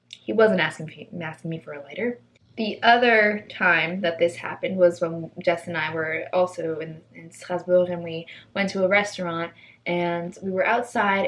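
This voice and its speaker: A young woman vlogging, telling funny stories in a chatty, animated way and acting out the people in them. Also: fairly low pitch. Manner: chatty, animated, acts out voices in quotes. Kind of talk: casual storytelling.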